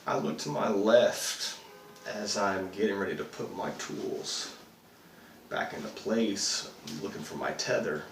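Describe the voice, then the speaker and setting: A man's voice: low voice, measured pace, fairly bright tone. An actor playing a rattled male astronaut who rambles and swears as he recounts a UFO sighting. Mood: uneasy. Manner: rambling, profane, full of fillers. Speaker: actor performing a monologue. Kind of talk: dramatic monologue. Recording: roomy, distant mic, faint noise.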